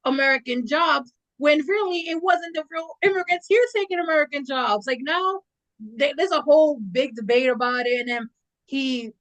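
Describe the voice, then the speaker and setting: A woman's voice: high-pitched, normal speed, a bit bright, low-quality recording. A woman hosting a podcast, giving blunt, outspoken takes in casual chat. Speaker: podcast host.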